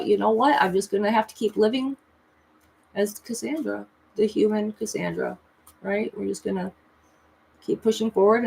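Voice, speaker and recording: A woman in her thirties telling a personal story in a confessional vlog, emotional and earnest, with pitch jumping high as she recalls pleading. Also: a little hiss or hum. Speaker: tarot reader and vlogger.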